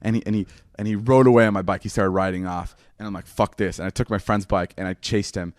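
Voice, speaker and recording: Young guy podcast host telling a wild story, lowish voice, super dry mic, swears a ton. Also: quick pace, dry recording. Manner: animated, acts out quotes with raised pitch, swears a lot. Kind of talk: casual storytelling.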